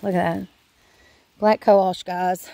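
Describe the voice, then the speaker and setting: A woman's voice: lowish voice, level tone, takes it slowly, gravelly, mellow, no echo. A woman homesteader, talking frankly to her phone outdoors on her farm, rambling with sighs and fillers. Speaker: homesteader vlogger. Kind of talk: casual talk to camera.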